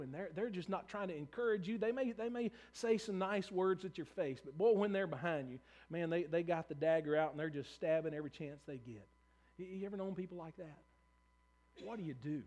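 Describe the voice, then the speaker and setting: A man's voice: on the high side, fairly quick, darkish tone. A man preaching a sermon, earnest and conversational, often repeating and restarting words. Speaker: pastor.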